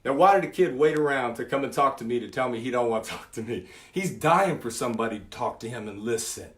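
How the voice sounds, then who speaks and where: A preacher in his fifties telling a vivid story in a sermon, dropping to a hush for effect. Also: medium pitch, lively intonation, fast. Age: 50s. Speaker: preacher and youth speaker.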